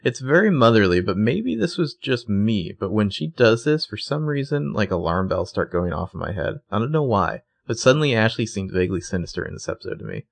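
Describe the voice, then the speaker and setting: Male podcast co-host, low gravelly voice, dry opinionated recap chat. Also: big pitch swings, brisk, hardly any pauses, no echo. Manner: dry, opinionated, acts out characters' lines.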